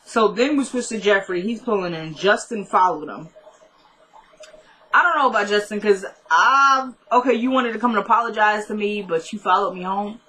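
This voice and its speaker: A woman's voice: medium pitch, moderate pace, bright, forceful tone, low-quality recording. A woman casually recapping a TV episode in a chatty, opinionated way, talking back to the characters as she goes. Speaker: TV recap vlogger.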